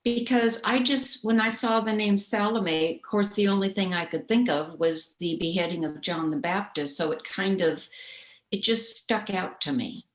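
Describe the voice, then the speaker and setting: A woman's voice: medium pitch, normal speed. Group member, female, inquisitive, echoey room sound. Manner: curious, questioning. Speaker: study group participant. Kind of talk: casual group discussion. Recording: roomy echo.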